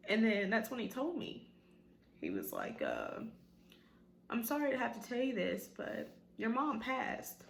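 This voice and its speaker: A woman's voice: fairly high pitch, wildly swooping pitch, a little slow, gravelly, echoey room, a little hiss or hum. A woman telling a personal story in a vlog, emotional, with many fillers, often quoting what others said. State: tearful at times. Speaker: vlogger.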